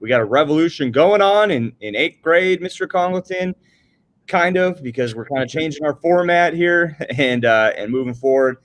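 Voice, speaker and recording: A man's voice: fairly high pitch, normal speed. A man with a North Dakota accent, a teacher co-hosting a class vodcast in an upbeat, jokey, casual way. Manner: upbeat, jokey, energetic greetings.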